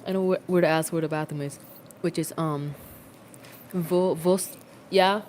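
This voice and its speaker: A woman's voice: sits low, fairly even intonation, normal speed, a little mellow, a little hiss or hum. A young adult woman rambling in a casual, self-mocking livestream chat, recorded on a phone.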